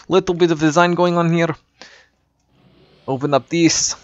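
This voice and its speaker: A man talks through a map he is building in a put-on Russian accent, full of ums and dropped words. His voice is smooth and mid-pitched. The recording is dull and lo-fi, with a dry, close sound. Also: steady tone, a little slow, no room sound. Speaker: map maker. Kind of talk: casual game map walkthrough.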